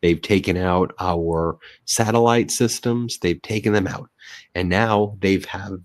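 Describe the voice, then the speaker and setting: Male commentator, low voice, dry close sound, emphatic and scornful. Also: a little slow, no echo. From United States. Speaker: political commentator. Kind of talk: political commentary video.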